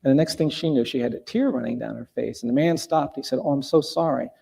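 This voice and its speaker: A man speaking as a guest at a live event, telling a story in a measured, deliberate way with pauses. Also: mid-range voice, vocal fry, mellow, slightly rough. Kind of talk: earnest storytelling in a live conversation. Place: event hall before a live audience.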